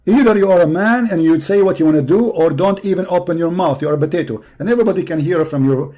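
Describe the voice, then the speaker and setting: Male host, strained hoarse voice, somewhat high and mellow, confrontational taunting delivery on a live stream. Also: fast, hardly any pauses. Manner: taunting, confrontational, repetitive insults. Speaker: online debate show host. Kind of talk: heated polemical monologue. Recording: live stream over a poor connection.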